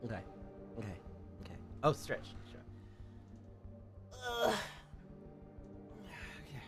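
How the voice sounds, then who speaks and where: A man's voice: mid-range voice, big pitch swings, slow pace, long pauses, darkish tone. A man with a British accent chatting casually with his live-stream viewers in a playful, teasing way, swearing and laughing often. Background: faint lo-fi music.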